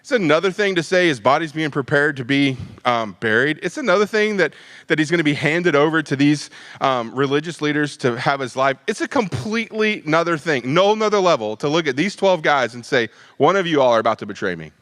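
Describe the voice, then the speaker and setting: Guy leading a bible study, kinda high voice, dry close sound, acts out the lines. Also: a little fast, no echo. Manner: conversational, animated, acts out the disciples' lines. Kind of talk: midweek Bible study teaching.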